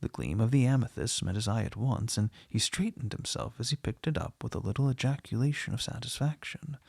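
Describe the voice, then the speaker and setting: Gravelly man reading a story aloud. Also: medium pitch, brisk, a little mellow, dry recording. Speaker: reader.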